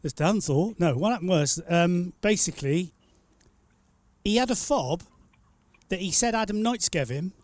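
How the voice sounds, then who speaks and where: A high-pitched man hosts a casual live stream, a teasing storyteller who rambles on. The sound is dry and close, with no room to it. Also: animated, measured pace, a little mellow, no echo. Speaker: stream host. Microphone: studio mic.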